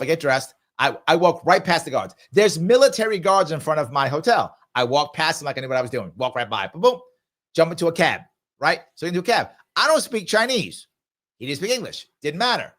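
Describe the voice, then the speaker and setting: This livestream host is a man whose voice sits fairly high and carries a little brightness. Running an ask-me-anything show, he responds to comments from viewers and shares a travel story in a conversational, emphatic manner.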